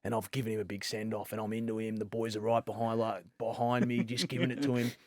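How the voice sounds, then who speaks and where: A man's voice: fairly low pitch, level tone, fast, a little mellow, no echo, clean studio sound. A man in his late thirties with an Australian accent, a guest telling stories in a loose, rambling way, full of fillers and restarts. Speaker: guest, professional fast bowler. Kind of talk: casual storytelling chat.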